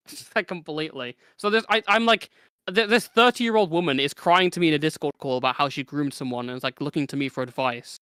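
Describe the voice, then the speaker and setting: A man's voice: on the high side, brisk, pushed and bright, clear, resonant tone, dry recording, clean studio sound. A young man, a guest on a casual chat show, telling a long story with lots of fillers and restarts. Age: teens.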